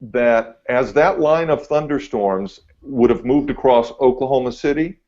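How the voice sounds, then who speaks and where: A man's voice: medium pitch, unhurried. Laid-back man telling a story. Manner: laid-back, animated when telling stories. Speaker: TV meteorologist guest. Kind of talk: casual podcast storytelling. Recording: dull lo-fi audio.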